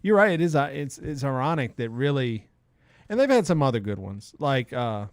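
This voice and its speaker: A middle-aged man co-hosting a podcast in casual chat, emphatic and quick to laugh. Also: mid-range voice, sing-song, no room sound, studio quality. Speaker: podcast co-host.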